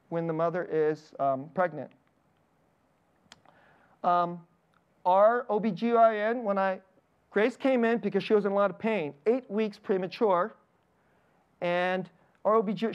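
A man in his thirties preaches to his congregation, moving between personal stories and scripture. He laughs lightly between lines and speaks plainly. The recording sounds a little dull and lo-fi. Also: sits high. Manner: personal storytelling with frequent laughs. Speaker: pastor. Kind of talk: sermon.

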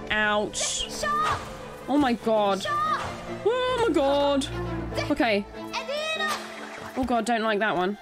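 Female let's-player, high, bouncy voice, panicky exclamations, game music under her. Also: sing-song, takes it slowly, long pauses. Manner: exclaiming, panicky, laughing often. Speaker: let's play streamer. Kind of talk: excited gameplay commentary.

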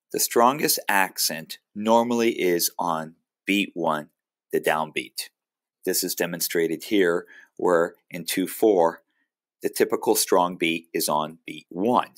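A man with a very low, deep voice narrates a music theory lesson. Like a teacher guiding students through the material, he explains each point calmly and in a measured way.

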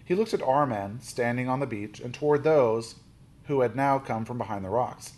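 A man reading a children's novel aloud, lifting his voice for quoted lines and dropping low on speech tags. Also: moderate pace. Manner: steady storybook reading, with small restarts.

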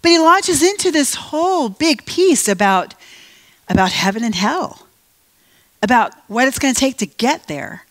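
A woman giving a conversational Bible teaching at a live event, emphatic and animated, slowing down to stress her points. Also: a little high. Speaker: guest speaker at a faith event. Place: live event venue before an audience.

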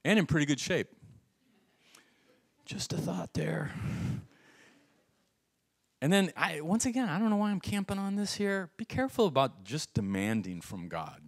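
A man preaching a sermon as pastor, with a lively, humorous delivery full of asides. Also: on the high side, moderate pace, vocal fry, pauses often. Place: church sanctuary.

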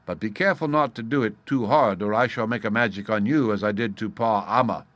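A man's voice: fairly low pitch, fairly quick, fairly bright tone, no echo, lightly acted. A man voicing a stern, solemn old magician who pronounces judgments in a storybook reading. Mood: commanding.

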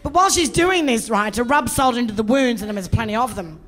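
Brassy comedienne, high-pitched. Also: female voice, fairly quick, heavy background noise. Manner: brassy, bawdy, energetic. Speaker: stand-up comedian. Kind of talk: live stand-up routine. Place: comedy club stage.

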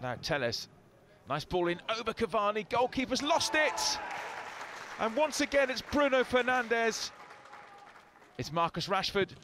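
A man giving live football commentary, bursting into excited shouts at goals. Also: very high-pitched, a little slow, long pauses. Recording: broadcast commentary over loud crowd noise. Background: stadium crowd.

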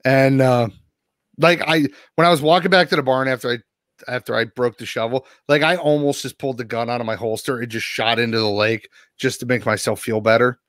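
A man's voice: mid-range voice, brisk, no echo, clean studio sound. A man co-hosting a podcast, telling a long story and swearing constantly. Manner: swears constantly, animated retelling. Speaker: podcast co-host. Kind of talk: casual profane storytelling.

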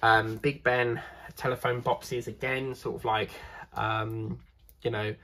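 A man with a British accent, chatting casually as he unboxes crafting kits for his channel, rambling and getting excited. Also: medium pitch, slow. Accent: British English.

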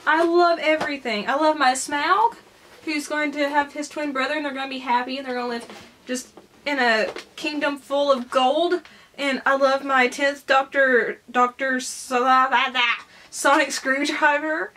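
A woman vlogger opening gifts on camera, gushing and excited, often tearful and soft-spoken. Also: high voice, moderate pace, slight background noise. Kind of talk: casual unboxing vlog.

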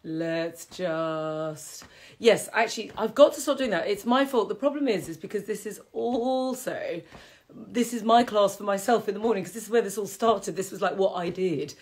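A woman's voice: mid-range voice, normal speed. A woman chatty qigong teacher. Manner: chatty, rambling, laughs often. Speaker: qigong teacher and health host. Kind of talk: casual live-streamed movement class.

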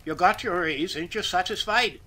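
A man doing a gruff, snapping railroad boss. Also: sits high, sing-song, normal speed, sharp tone, pitched above the performer's own voice, heavily acted. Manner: snapping, growling. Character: gruff, impatient male railroad master mechanic.

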